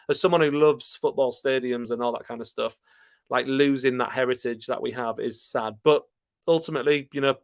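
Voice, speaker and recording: A man with a Yorkshire accent hosting a casual live stream, chatting relaxed and laughing often as he answers comments. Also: medium pitch, no echo, clean studio sound. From Yorkshire, England.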